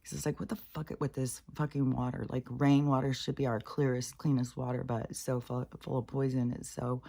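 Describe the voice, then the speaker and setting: A woman's voice: very deep voice, little pitch movement, fairly quick, vocal fry, dark tone. A middle-aged woman talking casually in a scattered, rambling way, swearing freely as she vlogs about spirituality. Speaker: spiritual vlogger.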